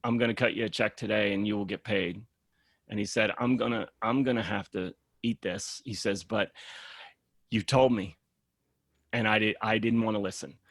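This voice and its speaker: A man's voice: on the low side, moderate pace, dry recording, studio quality. A man guest on a podcast, telling a story in casual talk and acting out the lines of the people in it. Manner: animated storyteller acting out dialogue.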